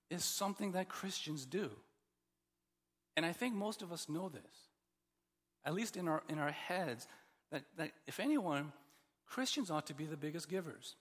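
A man preaching a sermon as pastor, expressive and building to emphatic, repeated points. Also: fairly high pitch, slightly rough, long reverb tail.

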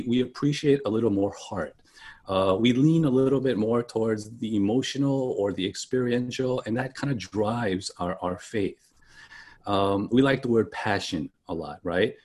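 A pastor delivers a sermon in a conversational way and asks his listeners questions. His voice is fairly low and a little husky. He often restarts his phrases. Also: expressive, moderate pace, darkish tone.

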